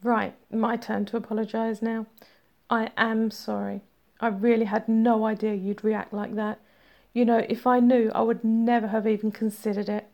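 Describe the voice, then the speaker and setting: A woman's voice: on the high side, flat delivery, moderate pace, highs cut off, natural voice. A woman reading a nervous, apologetic young man. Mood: earnest. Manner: soft, hesitant, apologetic.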